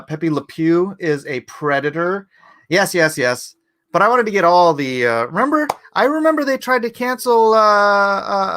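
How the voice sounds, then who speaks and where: A man's voice: high voice, a bit bright. A man hosting a live stream, chatting casually and rambling, who jokes and slips into goofy cartoon impressions. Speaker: host.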